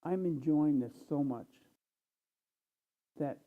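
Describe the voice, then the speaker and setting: A man speaking plainly and unhurriedly to a congregation, tired and low on energy, with frequent pauses. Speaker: church speaker. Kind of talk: casual talk to a congregation. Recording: tinny phone-like sound.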